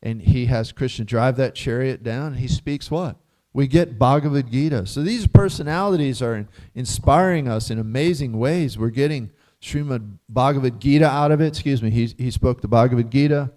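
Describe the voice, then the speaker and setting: A man's voice: mid-range voice, normal speed, warm tone. A man giving a casual scripture class in a temple hall, chatty and laughing often as he quizzes his listeners.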